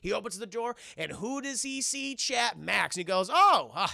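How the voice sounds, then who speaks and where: High, gravelly, bright-voiced male streamer. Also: moderate pace, no room sound, clean studio sound. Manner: animated, swears a lot, acts out scenes. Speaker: streamer reviewing a film. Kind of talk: casual profane recap to live chat.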